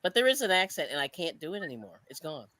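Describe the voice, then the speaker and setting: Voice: medium pitch, quick pace, no echo. A person from Pittsburgh with no accent left, telling stories in a casual chat and laughing often. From Pittsburgh, USA. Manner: animated, laughing storyteller.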